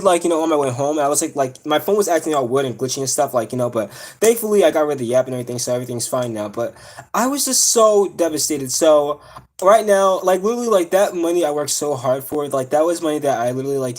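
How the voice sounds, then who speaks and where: A young man on a live stream telling a personal story, upset and close to tears, rambling with many fillers and restarts. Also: a little high. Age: young adult. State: near tears.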